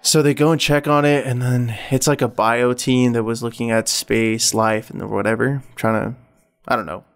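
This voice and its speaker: Male podcast host, mid-pitched, loose and swearing, fills every gap with "like". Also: fairly even intonation, normal speed. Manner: rambling, profane retelling full of "like". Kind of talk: casual chat.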